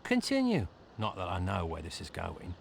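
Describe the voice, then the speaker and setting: A man's voice: low voice, wildly swooping pitch, normal speed, gravelly, a little hiss or hum, full character voice. An actor playing a snarky, greedy male bard anti-hero in a video game, with dry, mocking quips. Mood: sardonic.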